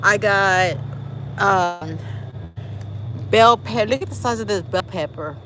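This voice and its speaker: A woman's voice: medium pitch, slow pace, pushed and bright, rough recording. Sassy middle-aged woman, casual livestream chat, phone mic outdoors, faint traffic noise behind. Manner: chatty, sassy, addresses viewers as y'all and girl. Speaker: livestream host touring her garden. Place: outdoors in a backyard garden. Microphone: phone held while walking.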